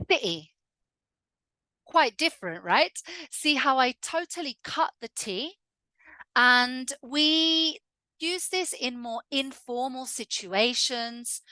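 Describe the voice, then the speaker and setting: Woman, southern english accent, pronunciation teacher, slow deliberate drills, bright voice, dry close sound. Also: a little high, no echo. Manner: slow, clear, drill-like modelling of words. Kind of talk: pronunciation lesson.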